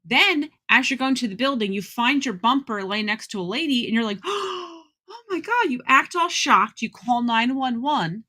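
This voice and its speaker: Woman co-host, high and bright, animated storyteller, casual chat. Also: moderate pace, few pauses. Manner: animated, acts out quoted reactions.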